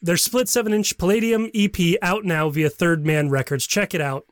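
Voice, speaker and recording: A man's voice: high-pitched, fairly even intonation, moderate pace, very noisy. A man co-hosting a music show, chatting casually and jokingly about songs and laughing often. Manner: playful, jokey, laughs often. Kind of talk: casual music review chat.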